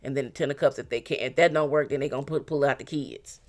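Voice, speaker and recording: Tarot reader, casual and blunt, mid-pitched, animated delivery with mocking asides. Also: quick pace. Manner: animated, acts out quotes in mocking voices; blunt, talks straight to the viewer. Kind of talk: casual tarot reading to viewers.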